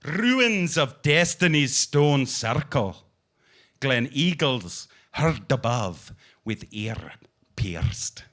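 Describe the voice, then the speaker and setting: A man's voice: medium pitch, sing-song, drawn-out words, a bit bright, exaggerated voice. A man reciting his verse in a put-on Scottish accent with rolling R's and a sing-song lilt.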